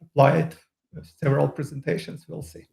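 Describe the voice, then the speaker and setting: A man with a non-native accent, a podcast guest speaking in casual chat, hesitant with many fillers and pauses. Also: a little high, level tone, gravelly, warm tone. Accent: Eastern European. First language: not English. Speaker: podcast guest, user group leader. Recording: echoey room.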